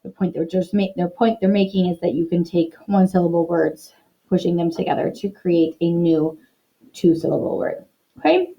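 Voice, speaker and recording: A young woman teaching a reading lesson to young children in an upbeat, encouraging way, slowing down to model words clearly. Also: lowish voice, steady tone, muffled recording.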